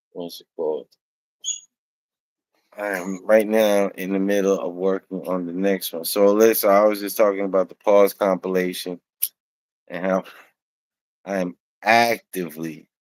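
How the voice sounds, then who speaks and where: Slow, low-voiced podcast host. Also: male voice, no echo. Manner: loose, profane, laughing storyteller. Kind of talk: casual podcast chat.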